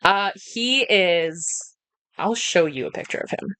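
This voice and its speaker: A woman's voice: fairly low pitch, lively intonation, measured pace, sharp tone, smooth. A woman narrating a tabletop game as game master, chatty, laughing often and self-deprecating.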